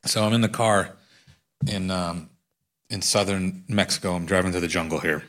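A man's voice: deep voice, fairly even intonation, moderate pace, a bit bright. A man, the author, reading aloud from his own memoir in a wry storytelling manner.

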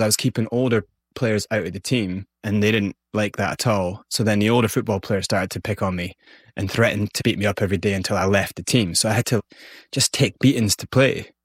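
Scottish man, guest, low voice, candid animated storytelling, dry close mic. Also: dry recording. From Scotland. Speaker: interview guest. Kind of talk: personal storytelling.

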